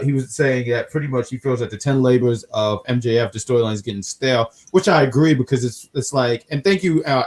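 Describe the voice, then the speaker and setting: Joking, rambling male podcast co-host. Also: mid-range voice. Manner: joking, rambling with stammered restarts. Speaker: co-host of a wrestling review show. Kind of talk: casual chat.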